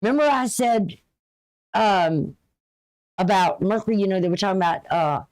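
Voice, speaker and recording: A woman's voice: medium pitch, lively intonation, moderate pace, a little mellow. A woman giving a casual, folksy astrology reading, chatty and advice-giving, with a runny nose. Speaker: astrology and tarot reader.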